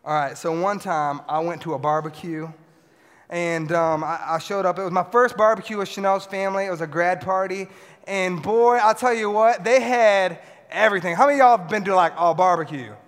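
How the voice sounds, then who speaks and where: A young man with a high, bright voice preaches to teenagers. He swings from loud shouts to hushed asides in a large hall, and long reverb trails every line. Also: a little fast. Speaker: youth pastor. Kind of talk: sermon to a youth audience.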